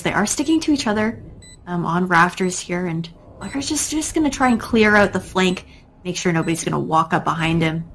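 A woman casting an esports match live, calmly pointing out details of the play. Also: on the low side, slight background noise. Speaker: esports caster. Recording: game music clearly behind.

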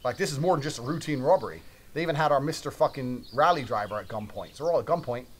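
A man's voice: mid-range voice, quick pace, a little hiss or hum. A man from Britain telling a brash, profane story with heavy emphasis.

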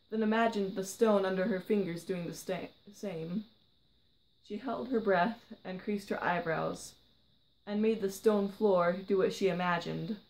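A woman vlogger reading her own short story aloud, quiet and gentle. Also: medium pitch, poor audio.

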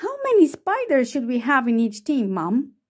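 A woman voicing the smallest girl spider, an eager little one who loves numbers, asking bright, pleading questions in a storybook read-aloud. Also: high-pitched, huge pitch swings, normal speed, breathy edge, exaggerated voice.

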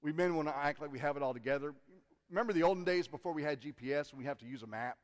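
Earnest pastor in a reverberant church. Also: male voice, fairly high pitch, very fast. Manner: earnest, shifts from loud emphasis to hushed asides. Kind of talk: sermon. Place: church sanctuary. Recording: long church hall reverb.

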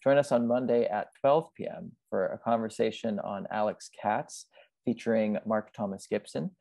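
A man hosting an online arts talk, closing the session with halting thanks and announcements over a video call. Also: lowish voice, gravelly, mellow, dry recording. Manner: halting, with fillers. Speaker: host. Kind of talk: closing remarks.

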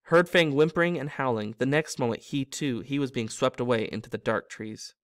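A man's voice: medium pitch, fairly quick, smooth, dry recording. Man reading a story aloud, dry sound. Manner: lively storytelling with slips and self-corrections. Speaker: reader. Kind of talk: audiobook reading of a novel.

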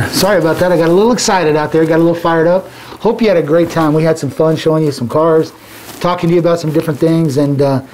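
A man pitching used cars at a dealership lot, with hyped, rapid price countdowns. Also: darkish tone, a little hiss or hum. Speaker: car dealership salesman. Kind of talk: energetic sales pitch.

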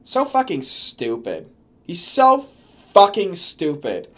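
A man's voice: high voice, wildly swooping pitch, slow pace, fairly bright tone. A man giving comedic commentary on a story he is reading along with, sarcastic and swearing as he mocks it. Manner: sarcastic, swearing, mocking rants. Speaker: commentary host.

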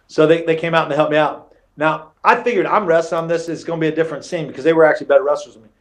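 Laughing, animated middle-aged man telling stories. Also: fairly high pitch, rapid-fire. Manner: animated storyteller, laughs through anecdotes, many restarts. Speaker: former fighter, podcast guest. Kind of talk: casual storytelling interview.

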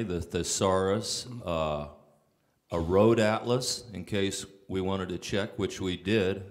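A man, a songwriter, telling casual rambling stories on stage with frequent fillers and restarts. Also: low-pitched. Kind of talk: casual anecdotal storytelling.

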